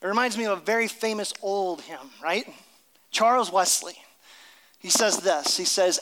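High-voiced pastor preaching in a reverberant hall. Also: male voice, moderate pace, fairly bright tone. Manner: emphatic, reads story aloud with character voices. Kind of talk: sermon.

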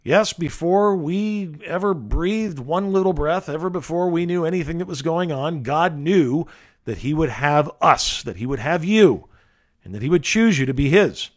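A man's voice: fairly high pitch, animated, normal speed. A man preaching an expository sermon, earnest and emphatic, with folksy asides to his listeners.

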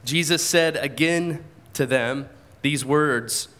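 A man's voice: high-pitched, normal speed, a bit bright. A man preaching a sermon at a church service into a microphone, talking conversationally, asking the congregation questions and often repeating his first words. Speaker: pastor. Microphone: handheld or stand microphone.

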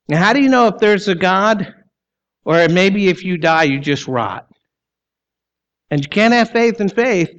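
A pastor preaches emphatically, firing off rhetorical questions and now and then dropping low and quiet. The recording is lo-fi.

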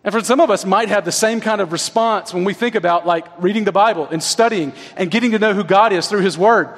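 A man preaching a sermon in a conversational way, often checking in with his listeners through quick tag questions. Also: sits high, a bit bright. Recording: long reverb of a large hall.

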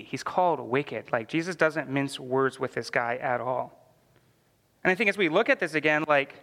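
A man's voice: on the high side, a bit bright, big-room sound. A man teaching a church Bible class in a conversational way, full of "like" fillers and questions to the class.

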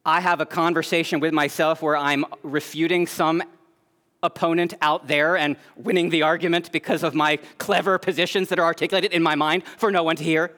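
A male pastor delivers a sermon in an earnest voice that sits high for a man. He climbs to emphatic peaks and then sinks back to soft, low passages. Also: steady tone, brisk.

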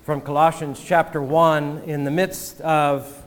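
Slow-preaching pastor in a reverberant church. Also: male voice, a little high, level tone. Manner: slow, measured preaching with repeated words. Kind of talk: sermon. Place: church sanctuary.

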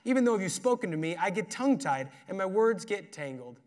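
A preacher doing a whiny pleading old prophet. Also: male voice, sits high, very animated, fairly quick, darkish tone, voice pushed up. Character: whiny doubting male prophet making excuses.

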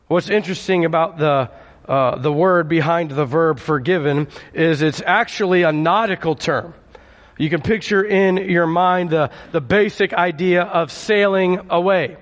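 The pastor, whose voice sits on the high side, speaks at normal speed in a large hall. He talks conversationally and draws responses from his congregation.

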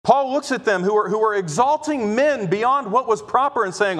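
High-voiced guy preaching hard, keeps saying "right?", big echoey hall. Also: normal speed, few pauses, fairly bright tone. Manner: emphatic, dramatizes quoted speech, frequent "right?". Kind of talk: expository sermon. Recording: long hall reverb.

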